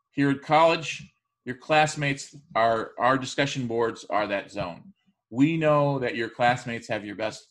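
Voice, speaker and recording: Man giving a measured recorded lecture. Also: mid-range voice, fairly bright tone. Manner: measured, with frequent fillers and restarts. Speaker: college instructor.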